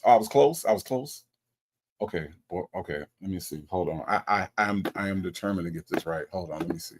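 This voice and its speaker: A man's voice: sits low, fairly quick. A man hosting a casual livestream, reading chat comments aloud and joking, often stumbling and repeating himself.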